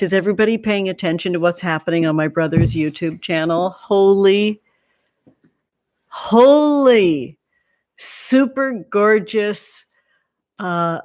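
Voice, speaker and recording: A woman with a fairly low voice hosts a casual livestream chat. She gushes over each viewer by name and showers them with endearments like honey and sweetie. Her voice sounds dry and close, with no room echo. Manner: gushing and affectionate, calling viewers honey and sweetie. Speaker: host greeting livestream viewers.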